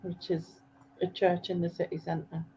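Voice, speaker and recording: A woman's voice: lowish voice, little pitch movement, measured pace, dark tone, a little hiss or hum. Woman, casual chat, loose rambling delivery, dull muffled recording. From North East England. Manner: chatty, loose with frequent restarts and laughter. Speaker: chat participant. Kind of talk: casual chat among friends. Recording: slightly dull, muffled sound.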